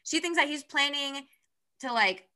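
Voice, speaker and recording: Young woman, casual chat, relaxed storytelling, lots of fillers, bright voice. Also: high voice, a little slow.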